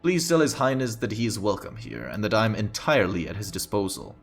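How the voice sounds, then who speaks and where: Scheming royal mother, mock-polite and proud, lifted above a low natural voice; played by a male reader. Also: very animated, brisk, creaky, faint music behind, full character voice. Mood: silky scheming. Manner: silky, haughty, mock-polite. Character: scheming regal queen mother, woman.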